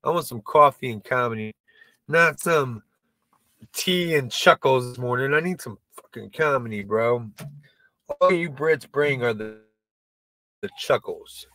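A man's voice: mid-range voice, lively intonation, measured pace, long pauses, bright, forceful tone. A man in his sixties hosting a comedy show, doing a loose, rambling, profane stand-up monologue. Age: 60s.

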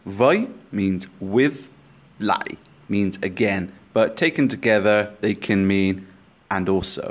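Low-voiced man explaining a language lesson. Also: slight background noise. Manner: slow, clear explanations with carefully sounded foreign phrases. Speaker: language teacher. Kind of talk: scripted lesson narration.

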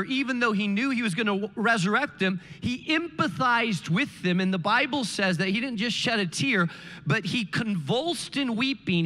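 Preaching in a church sanctuary, a pastor delivers an emphatic sermon packed with rhetorical questions to the congregation. His high-pitched voice is pushed and bright, trailing a long reverb tail.

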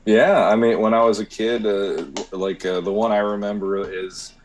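A man's voice: on the low side, steady tone, moderate pace, rough recording. A man co-hosting a podcast, telling nostalgic childhood stories in casual chat, with a few hesitant restarts. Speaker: podcast co-host.

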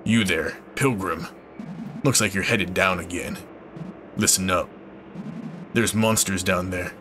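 A gruff, commanding recruiter barks out clipped orders in a low voice, as a gamer puts him on. Game music plays clearly behind him. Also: male voice, slow pace.

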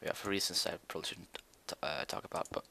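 Bright-toned young man rambling over gameplay. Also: sits low, fairly even intonation, fast talker, vocal fry, slight background noise. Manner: rambling, hesitant, many fillers. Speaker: gaming video creator. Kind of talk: casual Minecraft commentary.

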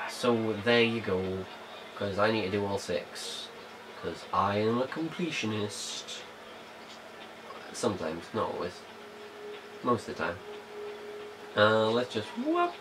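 A man's voice: lowish voice, very animated, slow pace, long pauses, background noise. A man casually commenting on his gameplay as a let's play host, jokey and playful, humming and muttering to himself.

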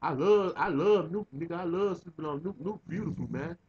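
A man's voice: fairly high pitch, a little fast, a little mellow, slightly rough, lo-fi sound. A man voicing his tipsy, clingy cousin, drawling fond words. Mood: doting. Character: drunk male cousin, clingy and affectionate.

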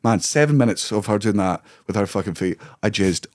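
A man's voice: fairly low pitch, expressive, fairly quick, a little mellow. A Scottish man with a Caithness accent, a comedian guest on a podcast telling stories in casual, swear-filled chat and laughing through them. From Scotland.

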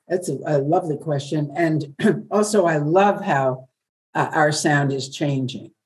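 An older woman from New York, a veteran radio journalist, telling stories in a chatty, lively way as an interview guest. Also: low-pitched, measured pace, husky, poor audio. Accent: New York, softened. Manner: warm, chatty storyteller with laughs. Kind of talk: webinar interview.

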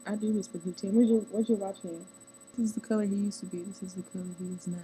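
A woman's voice: medium pitch, fairly even intonation, fast, mellow, a little hiss or hum, poor audio. A woman in casual chat with a friend, teasing him and bantering playfully.

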